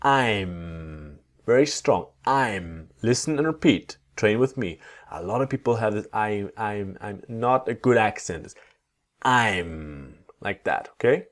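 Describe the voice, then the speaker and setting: A man teaching English pronunciation, modeling each sound slowly and deliberately for learners to repeat. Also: fairly low pitch, lively intonation. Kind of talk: pronunciation lesson.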